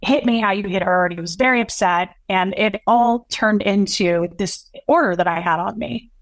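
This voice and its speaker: A woman guest in an interview, recounting a painful personal story in a halting, emotional, long-winded way. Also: medium pitch, no echo.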